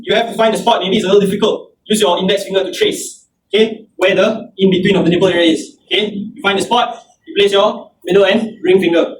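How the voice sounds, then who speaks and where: Male CPR instructor, high voice, heard from far off in an echoey, noisy hall. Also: fairly even intonation, quick pace. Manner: starts nearly every line with "okay", counts compressions aloud. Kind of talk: hands-on first aid class instruction. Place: indoor training hall. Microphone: far camera.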